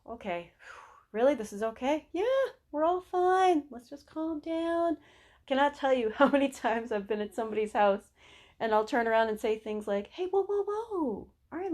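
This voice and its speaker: A middle-aged woman hosting a podcast for dog groomers, talking casually and animatedly, laughing often and repeating herself. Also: on the high side. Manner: acts out calm soothing talk to dogs and owners. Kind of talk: casual solo podcast teaching.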